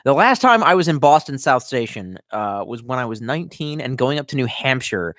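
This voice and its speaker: A young man rambles through a casual live stream, swearing freely and a little tipsy on wine. His pitch jumps around with lively swings. The sound is dry and close, with no room around it. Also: a little fast, dry recording. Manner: rambling, profane, reads chat aloud.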